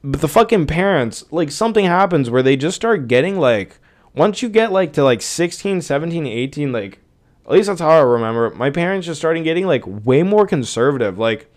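A man's voice: a little high, lively intonation, a little fast. A young man hosting a podcast, ranting in a rambling, profane, exasperated way. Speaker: podcast host. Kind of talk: casual rant.

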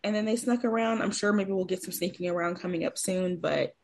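A woman's voice: lowish voice, brisk. Chatty woman podcast co-host. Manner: chatty, lively, laughs while acting out scenes. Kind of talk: casual chat.

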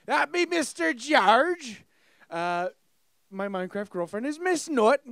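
A man putting on a pirate accent as a boisterous male pirate captain, loud and slow. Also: extremely high pitch, sing-song, creaky, no echo, clean studio sound, voice pushed up, heavily acted. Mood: swaggering. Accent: put-on pirate accent.

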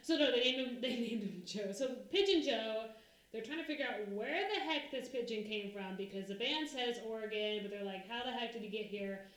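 A young woman co-hosts a relaxed podcast chat, telling her story with lively energy and putting on the voices of the people she quotes. Her voice sits a little high. The room leaves a clear echo around her. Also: brisk. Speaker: podcast co-host. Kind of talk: casual chat. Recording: roomy echo.

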